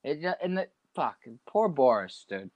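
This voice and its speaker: A man's voice: fairly high pitch, very animated, moderate pace, no room sound, muffled recording. A man chatting casually, cracking crude jokes and calling people dude. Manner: wisecracking, calls people dude. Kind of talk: casual chat.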